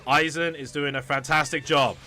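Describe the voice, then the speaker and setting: A man's voice: on the high side, fairly even intonation, moderate pace, sharp tone, soft background music. A man streaming a video game, chatting casually with many fillers, restarts and laughs.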